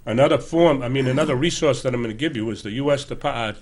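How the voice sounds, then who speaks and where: A fast-talking show host in his sixties, with a mid-range voice, gives a loose, conversational political monologue. He's emphatic and earnest, urges listeners, and often corrects himself.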